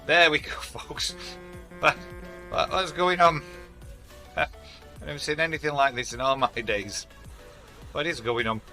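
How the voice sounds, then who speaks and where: Bright, cheery streamer man. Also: on the high side, fairly even intonation, a little slow, pauses often. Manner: chatty, cheery, laughs often. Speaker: streamer host. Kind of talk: casual gaming stream chat. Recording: music and truck game sounds behind.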